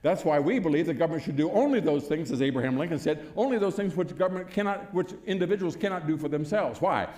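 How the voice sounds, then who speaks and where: Older male speaker, slightly high voice, folksy anecdotal speech style with chuckles, reverberant hall. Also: lively intonation, quick pace, hardly any pauses, darkish tone. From United States. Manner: storytelling, chuckling, punchy rhetorical questions. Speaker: former congressman giving a speech. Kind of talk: folksy public speech to an audience. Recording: echoey hall.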